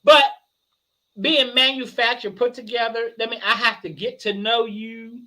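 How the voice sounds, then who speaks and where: A man chatting casually as a guest, an animated storyteller who laughs often and sounds a little tipsy. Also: very high voice, normal speed. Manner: animated storyteller, laughs a lot, hoarse shouts when excited. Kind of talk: casual chat.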